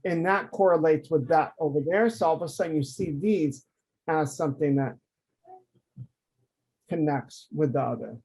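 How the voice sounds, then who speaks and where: A man who teaches anatomy for artists, talking through a drawing demonstration on a video call, lively and emphatic. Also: on the high side, moderate pace, pauses often, breathy edge. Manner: animated, conversational, emphatic teaching. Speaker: anatomy art professor.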